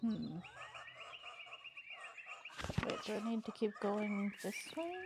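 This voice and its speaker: A woman's voice: medium pitch, big pitch swings, takes it slowly, creaky. Woman doing a let's play, reads the text out, swears a lot, kinda unsure, noisy mic hiss. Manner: casual, swears often, thinks aloud, hesitant. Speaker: game streamer. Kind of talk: let's play commentary, reading game dialogue aloud.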